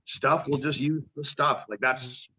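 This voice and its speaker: A man's voice: mid-range voice, level tone, unhurried, sharp tone, lo-fi sound, a little hiss or hum. A man, a pro wrestler, telling rambling, profane stories in a casual interview and acting out the voices of people he quotes.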